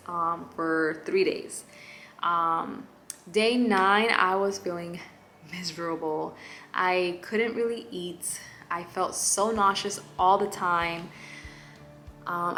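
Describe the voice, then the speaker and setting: A woman's voice: fairly low pitch, bright, forceful tone, a little hiss or hum. A young woman, chatting candidly to her vlog viewers with lots of fillers. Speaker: vlogger. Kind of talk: casual chat.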